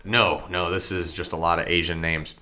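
A man reading out a list of matches to friends, halting over the names. His voice is low and bright with a forceful edge. The talk is casual and laid-back. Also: flat delivery. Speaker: podcast co-host reading out the card. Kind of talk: casual chat among friends.

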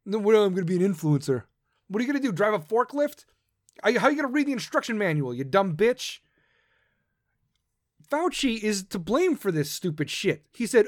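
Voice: medium pitch, big pitch swings, fairly quick, long pauses, no echo. Podcast host ranting, swears constantly, combative, dry close sound. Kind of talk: political rant.

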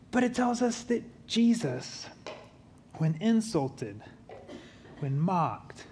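In a recording with a little hiss or hum, a man preaches as a pastor. His sermon swings between soft, low emphasis and lively, conversational asides full of humor.

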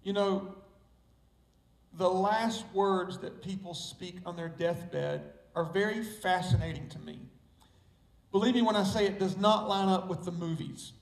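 A man's voice: high voice, measured pace, vocal fry. Southern guy preaching, leans hard on repeated words, mic kinda far off in an echoey room. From Southern United States. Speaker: pastor. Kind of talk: sermon.

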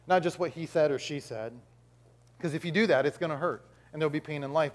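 A middle-aged male pastor preaching a sermon, telling a homely story and acting out the voices in it. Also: fairly high pitch.

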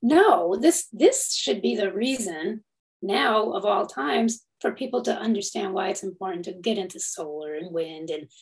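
A woman's voice: mid-range voice, animated, normal speed, gravelly, low-quality recording. A woman, a podcast guest talking bluntly and swearing freely. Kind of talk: casual political chat.

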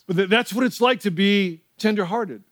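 A man's voice: high-pitched, moderate pace, fairly bright tone, no room sound, clean studio sound. A middle-aged male pastor preaching a sermon, telling stories in a conversational way and prompting the audience to respond.

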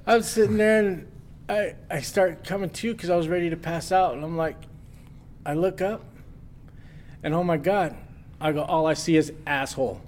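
A man with a slightly raised voice tells a crude party story in loose, casual chat. He swears freely and slips into quick impressions of the people in it, keeping the energy animated throughout. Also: a little high, a little hiss or hum. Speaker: podcast guest.

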